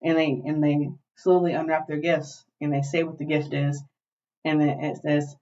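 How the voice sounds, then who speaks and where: A woman co-hosting a podcast, retelling a show in animated, profane casual chat. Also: sits low, moderate pace, slight background noise. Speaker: podcast co-host. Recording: dull lo-fi glitchy recording.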